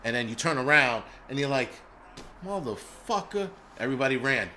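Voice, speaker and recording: A man's voice: medium pitch, steady tone, fast talker, pushed and bright, slight background noise. A middle-aged man, hosting a live stream in casual chat, blunt and profane as he vents.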